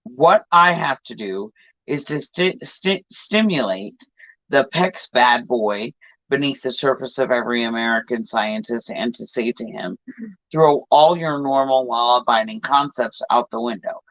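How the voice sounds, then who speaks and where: Male host reading a book aloud, deliberate, in a dry and dead-sounding recording. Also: mid-range voice, a bit bright, no room sound, dull audio. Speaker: podcast host.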